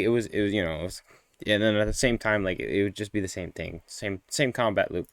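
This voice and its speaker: A man with a fairly low voice reacts to a game interview on his stream. He rambles loosely and swears freely, and the sound is dry and close with no room around it. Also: fast talker, fairly bright tone, dry recording. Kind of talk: casual live-stream reaction.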